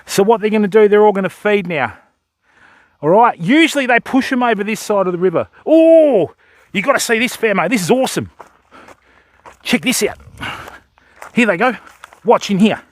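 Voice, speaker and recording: An excitable Australian fishing livestreamer, his voice high for a man, commentates live outdoors by a river and calls his viewers fam and mate. He talks briskly, pausing often, and the sound is dry and close with no echo or room around it.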